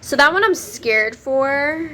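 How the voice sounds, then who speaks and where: A young woman talks books to her camera in an easy, chatty way, cursing and laughing as she goes. Her voice sits a little high and sounds bright, and she takes her time with every sentence. A faint hiss sits under the recording. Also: lively intonation, takes it slowly. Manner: chatty, swears freely, laughs often. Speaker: book vlogger. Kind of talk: casual chat to camera.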